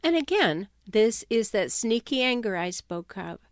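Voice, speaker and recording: A woman giving advice on toxic relationships in an emphatic, animated way. She sometimes drops her voice to act out quoted sarcastic remarks. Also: fairly high pitch, measured pace, dry recording, clean studio sound. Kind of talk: talking-head advice video.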